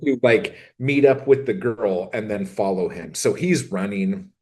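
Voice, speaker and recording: A man's voice: fairly low pitch, measured pace, darkish tone. A man co-hosting a podcast, recapping a film in a crude, rambling, joking way. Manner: crude, rambling, jokey storytelling with acted-out quotes. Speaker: podcast co-host. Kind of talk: casual chat recapping a film.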